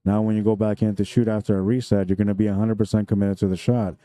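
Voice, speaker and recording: A man's voice: on the low side, level tone, fast, dark tone, dry recording. A man commentating a pool tournament live stream, chatty and jokey, laughing often between remarks.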